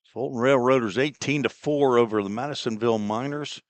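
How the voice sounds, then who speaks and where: A man doing relaxed, chatty play-by-play commentary on a baseball game, with easygoing asides between pitches. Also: fairly quick, no room sound. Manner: relaxed, chatty, laughs at own slips. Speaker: play-by-play announcer.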